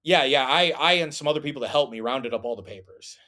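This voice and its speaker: A man's voice: mid-range voice, fast, pushed and bright. A man and former soldier telling a story on a podcast in a casual, rambling way, with lots of fillers and restarts.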